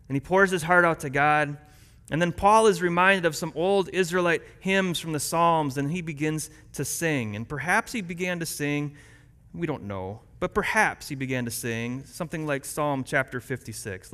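A man's voice: fairly high pitch, a bit bright. A man in his thirties preaching a sermon as pastor, telling the story vividly with asides to the congregation. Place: church. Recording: long reverb in a church hall.

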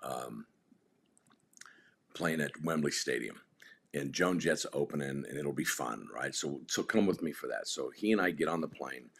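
A man's voice: very deep voice, normal speed, vocal fry, a bit bright, husky. A man telling long rambling anecdotes in casual chat as a podcast guest, with frequent restarts.

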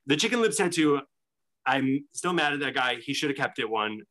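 A man's voice: medium pitch, lively intonation, normal speed, fairly bright tone. A man co-hosting a podcast, telling a story in casual chat with many restarts. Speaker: podcast co-host.

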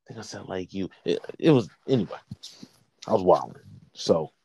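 Low-voiced man telling a heated story. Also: moderate pace, creaky, a little hiss or hum. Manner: profane, animated storytelling. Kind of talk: casual storytelling chat.

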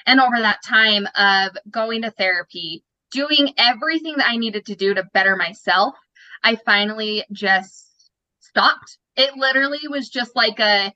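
A woman's voice: fairly high pitch, moderate pace, bright, forceful tone, dull audio. A young woman telling her personal story as an interview guest, candid and emotional, often restarting her sentences.

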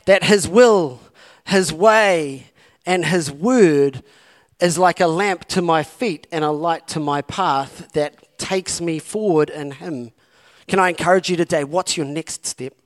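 High-voiced New pastor preaching. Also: male voice, takes it slowly. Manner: impassioned, repetitive exhortation. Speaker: campus pastor. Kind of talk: sermon.

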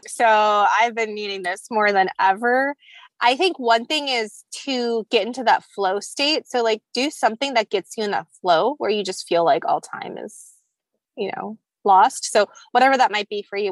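A woman's voice: medium pitch, normal speed, no echo. Valley-girl-talking young woman, dry sound. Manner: valley girl talk, lots of "like" and "you know". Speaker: guest, skincare founder. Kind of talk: casual podcast interview.

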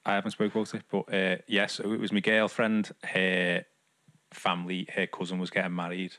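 A young podcast co-host with a low, monotone, fairly bright voice speaks at a normal speed. His casual chat rambles, pokes fun at himself, and is full of fillers.

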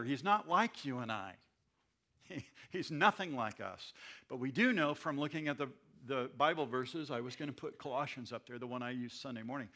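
A pastor preaching a sermon in his church, swinging between loud declarations and quiet, confiding asides. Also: mid-range voice, creaky.

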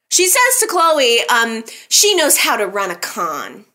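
A woman's voice: on the high side, wildly swooping pitch, measured pace, sharp tone. A woman hosting a casual recap podcast, chatting animatedly and talking straight to her listeners. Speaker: soap opera recap podcast host.

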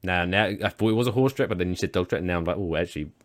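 A man's voice: deep voice, racing. A man in his thirties chatting casually on a podcast, playful and jokey. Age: 30s.

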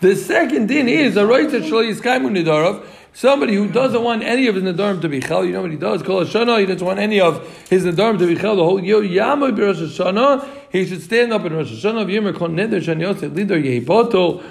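Gravelly high-voiced teacher. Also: male voice. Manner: animated, quick, repeats and explains to students. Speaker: Talmud teacher. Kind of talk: classroom Talmud lesson.

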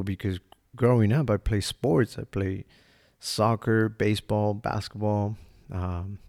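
A man's voice: on the low side, darkish tone. A man hosting a podcast, telling a personal story in a casual, profane, laid-back way and acting out what people said. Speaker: podcast host.

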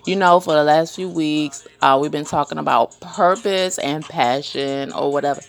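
A woman hosting a podcast, telling funny weekend stories in a casual, animated way and acting out the other people in them. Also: low-pitched, moderate pace, creaky. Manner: animated storytelling, laughs often, acts out voices. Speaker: podcast host. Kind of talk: casual chat.

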